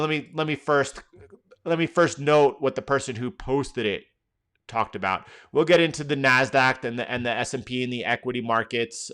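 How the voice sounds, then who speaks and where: A man with a New York accent hosts a live market stream and talks through charts on the fly. His voice is bright and clear, and he tumbles from one thought to the next, repeating words and restarting sentences. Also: medium pitch. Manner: fast, repetitive, with many restarts. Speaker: trading livestream host.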